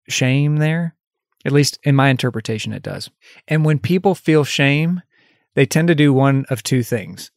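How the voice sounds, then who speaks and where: A male life coach hosts a solo podcast, talking candidly and conversationally, laughing at himself, and raising his voice when acting out example phrases. His medium-pitched voice is studio quality with no room sound.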